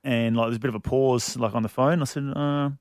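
A man's voice: medium pitch, fairly even intonation, fairly quick, a little mellow, dry recording, clean studio sound. A middle-aged Australian man co-hosting a radio show, telling stories and laughing at himself. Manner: laughing, storytelling, self-mocking. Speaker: radio host. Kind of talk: casual radio chat.

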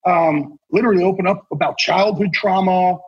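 Husky high-voiced guy, fired up and blunt on a podcast, dull lo-fi sound. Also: normal speed. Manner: intense, earnest, salty language. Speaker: guest, sportswriter and NFL insider. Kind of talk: casual podcast conversation.

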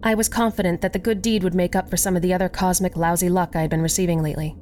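A woman narrating a first-person horror story in a slow, measured storytelling voice. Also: lowish voice, little pitch movement, a little mellow, slight background noise.

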